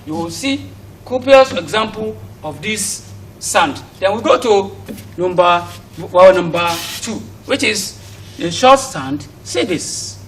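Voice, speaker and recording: Speaking slowly and expressively in a high, bright voice, a man with a Nigerian accent drills English pronunciation for students at home, repeating each word and constantly asking questions. The classroom recording is poor, made from a distance, with a faint hiss.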